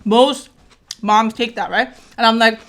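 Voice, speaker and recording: Woman vlogger chatting a story, kinda high voice, acts out every line, lots of "right?". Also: measured pace. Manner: animated, acts out dialogue, keeps asking "right?". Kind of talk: casual storytelling.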